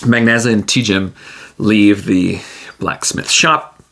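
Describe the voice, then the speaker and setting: A man's voice: fairly low pitch, steady tone, takes it slowly, a bit bright. A man narrating and playing a solo tabletop game, thinking aloud casually with plenty of fillers.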